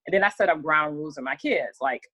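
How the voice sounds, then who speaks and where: A woman guest in a casual interview, telling her story in an animated way and acting out what others said. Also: low-pitched, fast, dry recording, poor audio. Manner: animated storytelling with laughs and acted-out quotes. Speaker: interview guest, working mother.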